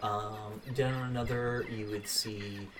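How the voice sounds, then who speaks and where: A man's voice: lowish voice, steady tone, takes it slowly. A man narrating a tabletop game as game master, rambling with many fillers. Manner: loose, rambling, lots of fillers. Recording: far from the mic with music behind.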